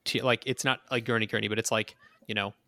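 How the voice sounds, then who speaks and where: A man running a tabletop game, narrating and explaining the rules in a loose, rambling way. His voice is bright and forceful, recorded close and dry. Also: lowish voice, steady tone, quick pace, no echo. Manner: casual, rambling with fillers. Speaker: game master.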